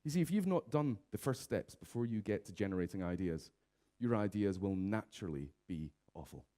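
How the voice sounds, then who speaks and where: A man giving a comic conference keynote, lively, slipping into raised voices to mimic office characters. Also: fairly low pitch, a little fast. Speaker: conference speaker. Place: conference stage.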